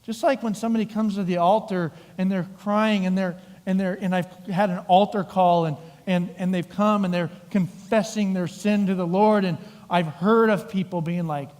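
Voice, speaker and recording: The preacher, a middle-aged man whose voice sits high, speaks at a moderate pace with few pauses. Recorded in a church sanctuary with long hall reverb, his sermon tells the story vividly, with voices acted out.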